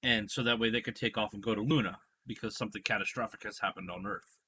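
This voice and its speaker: A man's voice: on the low side, fairly even intonation, fast talker, sharp tone, slight background noise. A man hosting a casual podcast chat, retelling a TV scene in a rambling, storytelling way. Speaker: podcast host.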